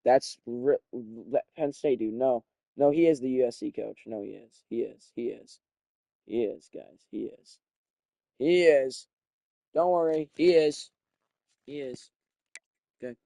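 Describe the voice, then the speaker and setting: A young man giving casual, profane commentary while playing a video game, thinking out loud and getting excited. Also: mid-range voice, a little slow, gravelly, pauses often, dry recording. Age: young adult.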